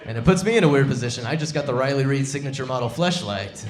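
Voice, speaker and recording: A man performing a live stand-up set on a comedy club stage, wry and deadpan, speaking into a stage mic. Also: mid-range voice, fast, soft background music. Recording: echoey club with loud crowd.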